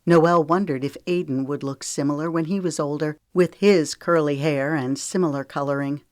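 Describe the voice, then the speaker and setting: A woman narrating a romance audiobook in a calm, measured way. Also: low voice, no echo, studio quality. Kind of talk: scripted narration.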